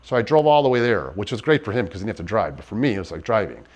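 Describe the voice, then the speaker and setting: A man in an interview, giving personal testimony in a halting, earnest way with many restarts. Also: on the low side, very animated. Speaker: interviewee in a docuseries.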